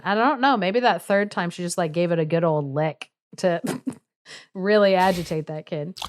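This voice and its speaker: A woman podcast host retelling a folktale in a relaxed, chatty way. She is wry and breaks the story with comic asides. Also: lowish voice, normal speed. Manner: chatty, wry, laughs through lines.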